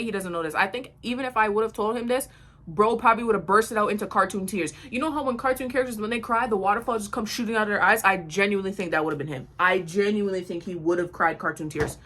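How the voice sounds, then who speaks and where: A young woman vlogger telling a storytime tale while getting ready, animated and slangy, swearing freely. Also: mid-range voice, rapid-fire. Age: young adult.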